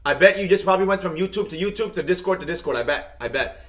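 Hyped, high-voiced man teaching trading live. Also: animated, quick pace. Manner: hyped, repetitive, chanting catchphrases; talks straight to viewers, reading their comments. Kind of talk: live-streamed market lesson.

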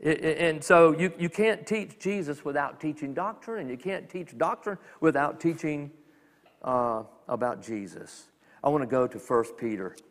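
A man preaching a sermon as a minister, talking in a conversational, animated way with quick acted asides. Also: fairly high pitch, long reverb tail. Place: church sanctuary.

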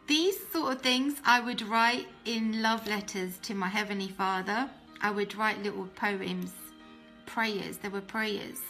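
A woman's voice: on the high side, fairly even intonation, a little slow, sharp tone, faint music behind. A woman telling her personal faith testimony in an earnest, emotional way, often restarting her sentences. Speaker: testimony speaker.

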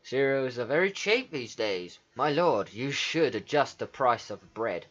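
A man's voice: medium pitch, big pitch swings, unhurried, a bit bright. A man voicing a male royal adviser in a put-on London accent, reading court advice in a dull lo-fi recording. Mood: advising.

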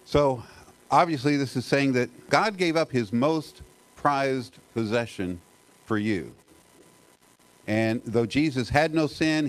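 A middle-aged man preaching a sermon as pastor, talking earnestly and conversationally, with rhetorical questions and frequent restarts, slowing down to stress key phrases. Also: medium pitch, low-quality recording.

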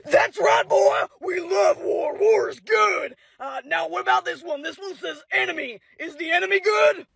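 A woman's voice: very high-pitched, normal speed, vocal fry, hardly any pauses, raised voice. A woman voicing a war-crazed male drill sergeant who bellows and barks orders, with crowd noise behind her. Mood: bellowing.

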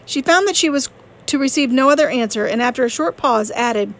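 A woman narrating a classic novel as an audiobook reader, steady and measured. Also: high voice.

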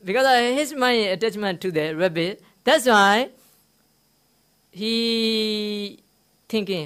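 Slow, smooth-voiced teaching monk. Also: male voice, high-pitched, a bit bright. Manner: simple broken English, often asks the listeners questions; tells a teaching story, repeating key words. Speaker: Buddhist monk teaching meditation. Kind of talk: dharma talk to a live audience. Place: meditation centre hall.

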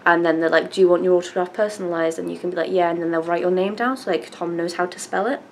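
A woman's voice: on the low side, fairly even intonation, fast talker, creaky, a little hiss or hum, poor audio. A young woman, telling a story casually to camera with lots of fillers and the odd swear. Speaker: vlogger.

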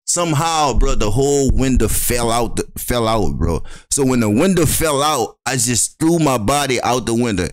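Animated laughing male storyteller, dry mic. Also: medium pitch, moderate pace, few pauses, no echo. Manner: loud, laughing, acts out voices in his stories. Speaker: podcast co-host.

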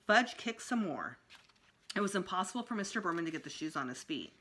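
A woman, a school librarian, reading a children's chapter book aloud with expressive storytelling. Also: fairly low pitch, fairly quick.

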